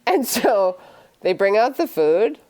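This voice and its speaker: A middle-aged woman hosting a casual chat, telling an anecdote in a relaxed, low-key way with many soft murmurs of agreement. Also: takes it slowly. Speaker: podcast host.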